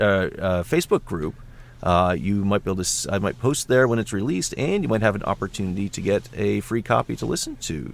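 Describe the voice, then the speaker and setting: A man's voice: lowish voice, creaky. An American man talking in casual podcast chat as an audiobook narrator guest, rambling along with plenty of fillers and restarts.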